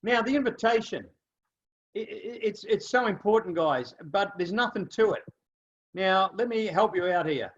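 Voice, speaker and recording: An Australian man coaching a team in an animated, storytelling way. He keeps asking his listeners "okay?" and "right?", and his voice sits high and moves a lot. The recording sounds dull and muffled. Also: moderate pace. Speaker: business trainer. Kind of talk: motivational training talk.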